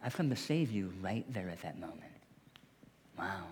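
A man's voice: low voice, moderate pace, a little hiss or hum. A man preaching a sermon as a pastor, talking conversationally and acting out little dialogues. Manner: animated, conversational preaching with acted-out quotes. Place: church sanctuary. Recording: long reverb of a church hall.

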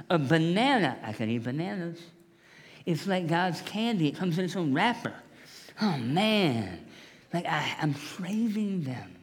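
Male pastor, lively and varied delivery, humorous conversational sermon, long hall reverb. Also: fairly high pitch, a little slow. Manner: humorous, conversational, addresses the congregation directly.

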